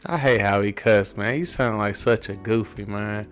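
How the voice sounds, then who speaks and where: Smooth-voiced man doing laid-back commentary. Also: on the low side, normal speed, faint music behind. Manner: laid-back, drawling, tags lines with "man". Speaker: commentary channel host. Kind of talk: reaction commentary.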